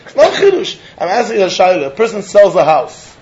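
High-voiced man giving a Talmud lecture. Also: fairly quick, highs cut off, a little hiss or hum. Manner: lively, questioning, mixes English with Yiddish and Hebrew terms. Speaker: Talmud teacher.

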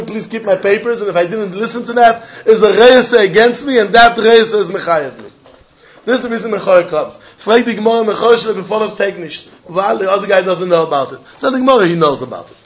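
High-voiced man teaching Talmud, lo-fi. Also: fast. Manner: animated, argumentative, mixing Yiddish and Hebrew terms into English; asks students pointed questions. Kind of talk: Talmud class lecture.

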